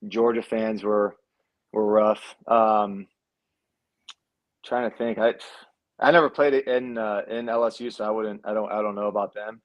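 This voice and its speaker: A man's voice: little pitch movement, unhurried, long pauses, highs cut off. Laid-back man telling football stories. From Cuban heritage. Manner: laid-back, swears freely, acts out quotes in a higher voice. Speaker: former college quarterback, guest. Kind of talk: casual storytelling interview.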